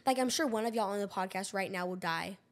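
A woman's voice: medium pitch, fast. A teenage girl co-hosting a podcast, chatty and teasing, laughing often. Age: teens. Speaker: podcast co-host. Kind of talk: casual chat.

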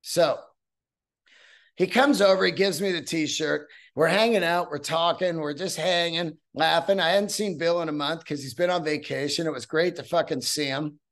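A middle-aged man hosting his own podcast, telling a story in a casual, excitable, profane way with many restarts. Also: on the high side, normal speed. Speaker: podcast host. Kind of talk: casual solo podcast monologue.

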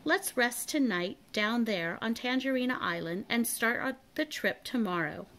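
A woman's voice: animated, normal speed. A woman reading a storybook aloud, voicing a cheerful, brave little boy in a lifted, eager voice. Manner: bright and eager, lifted pitch.

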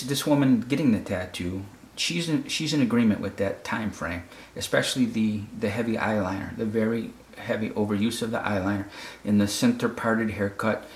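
Low-voiced guy breaking down a photo, keeps going "okay?", echoey room. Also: gravelly. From United States. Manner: repeats words, checks in with "okay?". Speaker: photography critic. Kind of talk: casual explanatory commentary. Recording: roomy echo.

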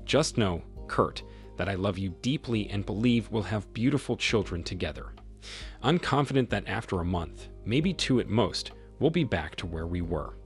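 Man voicing a self-assured wife, calm, firm, low voice. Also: normal speed, faint music behind, lightly acted. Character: cool, self-assured wife leaving her husband.

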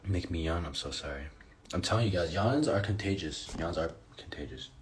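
A man with a deep, low-pitched voice chats casually on a livestream. He reads fan comments aloud and thanks viewers, sounding tired and yawning now and then. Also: lively intonation, fairly quick, a little hiss or hum. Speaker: livestream host.

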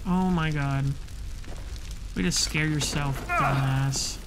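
Man, gravelly voice, slow drawl, excitable game commentary, noisy background. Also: on the high side. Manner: excitable, swearing, talks to enemies. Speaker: let's play host. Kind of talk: casual gameplay commentary.

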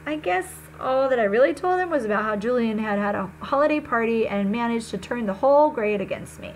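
A woman reading a first-person novel aloud, conversational and expressive, with small slips. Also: fairly high pitch, fairly quick, a little hiss or hum, rough recording. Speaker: reader.

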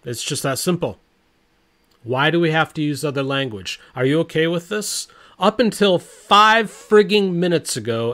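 A middle-aged commentary channel host talks about the news from his home, blunt and exasperated, reading quotes aloud. His voice has a medium pitch and a fairly bright tone.

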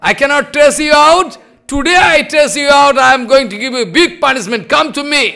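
A man voicing a hungry, furious wandering male saint who shouts angry demands. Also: extremely high pitch, moderate pace. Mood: angry shouting.

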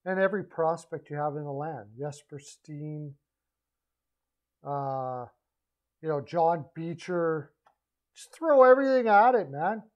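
A man with a slightly high voice talks hockey trades in a loose, rambling solo commentary. He stumbles over names, corrects himself and keeps tossing in animated asides to his viewers. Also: highs cut off. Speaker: hockey podcaster.

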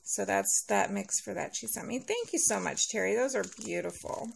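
A woman vlogger unboxing a package, sweet and gushing and thankful, sounding sleepy and a little hoarse. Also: medium pitch, normal speed, slight background noise. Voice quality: gravelly vocal fry. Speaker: nail vlogger opening a giveaway package. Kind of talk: casual unboxing chat.

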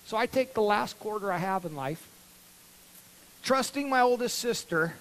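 A man preaching a sermon as a pastor, telling a story in an animated way and acting out the voices of the people in it. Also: high voice, normal speed, long pauses, in a large hall, a little hiss or hum, rough recording. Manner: animated, acts out childhood voices. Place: church sanctuary.

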